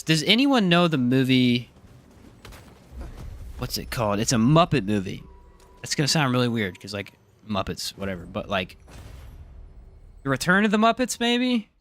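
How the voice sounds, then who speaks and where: A man's voice: medium pitch, pushed and bright. A man streaming a live game, chatting casually, joking and answering his chat. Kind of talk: casual live gameplay commentary.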